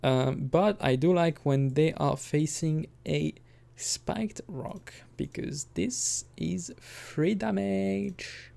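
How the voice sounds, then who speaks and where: A man's voice: on the high side, slow, vocal fry, dark tone. A man giving casual let's-play commentary, rambling and correcting himself, with chuckling asides. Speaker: gaming commentator.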